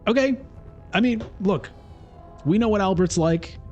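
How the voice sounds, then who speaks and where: A man's voice: high-pitched, a little slow, dull audio, soft background music. Chatty man streaming a board game. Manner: thinks aloud, chatty, self-mocking. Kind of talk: casual gameplay commentary.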